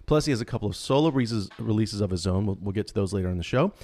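A man's voice: fairly low pitch, expressive, racing, darkish tone. A man hosting a live online guitar show, upbeat and joking, with frequent ums. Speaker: host.

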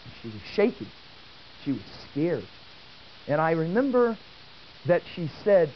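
A man giving a lecture and telling a story, talking in an animated way and asking the audience questions. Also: fairly high pitch, measured pace, pauses often. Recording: dull old tape with faint hiss.

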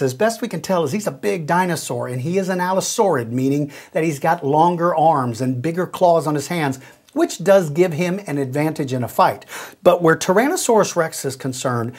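A middle-aged man hosts a question-and-answer show, explaining things directly to young viewers in a friendly, folksy, casual way. His voice is fairly high and a little mellow.

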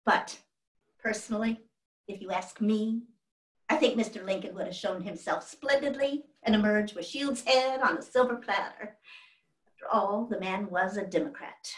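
A woman's voice: mid-range voice, normal speed, lightly acted. Woman playing a genteel 1800s widow storyteller. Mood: fond. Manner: fond, chatty storyteller with exclamations. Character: genteel 1800s widow recalling her family. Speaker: actress portraying a historical first lady. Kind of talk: live one-woman historical reenactment. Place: stage before a live audience. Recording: roomy hall from a distant mic.

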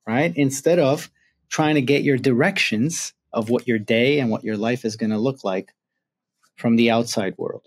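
A man talking to camera in a reflective self-help monologue, earnest and drawing out key words. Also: medium pitch.

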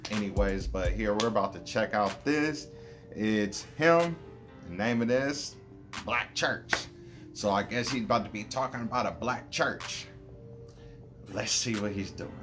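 Deep, slow, laid-back reacting man. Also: music in the background. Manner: laid-back, heavy on "you know" fillers. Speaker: video reactor. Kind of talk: casual reaction commentary.

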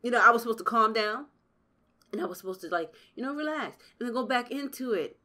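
A woman gaming YouTuber doing let's play commentary, profane and excitable, yelling at the game. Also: fairly high pitch, quick pace.

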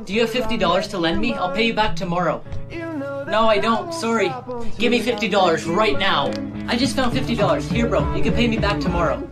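A woman's voice: mid-range voice, brisk. A text-to-speech woman's voice narrating short joke skits and reading every character in the same voice, with music behind. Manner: synthetic, reads every character in one voice.

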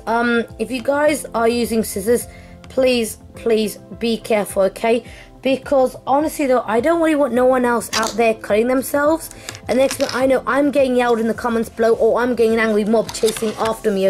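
A young woman streamer chatting casually through an unboxing, excitable and apologetic, with many fillers and restarts. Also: on the high side. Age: young adult. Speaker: gaming streamer.

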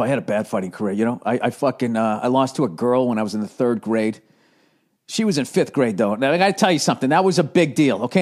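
Profane self-mocking man in his forties. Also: on the high side. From United States. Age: 40s. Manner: profane, rambling, self-deprecating. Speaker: comedian podcast host. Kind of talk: casual comedic storytelling monologue.

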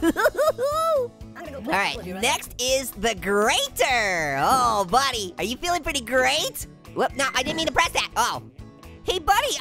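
A woman hosting a gaming video, giving playful commentary with lots of giggling and puns as she teases the character on screen. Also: high-pitched. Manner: giggly, punning, teasing the game character. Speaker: gaming host. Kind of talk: playful let's-play commentary.

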